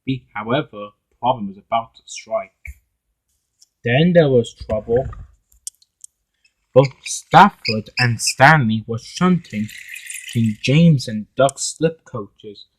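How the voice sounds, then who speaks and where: A man reading an amateur fan story aloud, with halting delivery and frequent restarts. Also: mid-range voice, animated, low-quality recording. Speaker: narrator and voice of all characters.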